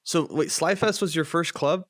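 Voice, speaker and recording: A man's voice: a little high, moderate pace, fairly bright tone, no room sound, clean studio sound. A man hosting a casual podcast chat, reacting with enthusiasm and rambling through loose asides. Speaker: podcast host.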